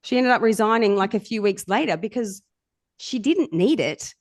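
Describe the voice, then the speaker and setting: A woman tells lively stories from her coaching work, laughing often as she goes. Her voice sits in a middle range. The sound is dry and close. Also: medium pitch, moderate pace, no echo. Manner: animated, laughing often, acting out quotes. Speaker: somatic coach, guest. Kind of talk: storytelling in casual chat.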